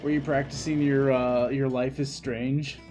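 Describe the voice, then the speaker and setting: A woman's voice: very deep voice, little pitch movement, a little slow, warm tone, faint music behind. A young woman co-hosting a gaming stream, chatting in a laid-back, wry and teasing way. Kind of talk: casual chat while watching a game.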